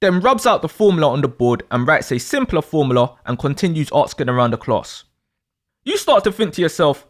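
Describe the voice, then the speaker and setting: A man telling a dramatic second-person story, in an animated way. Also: high-pitched, fairly quick. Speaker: astrology storyteller.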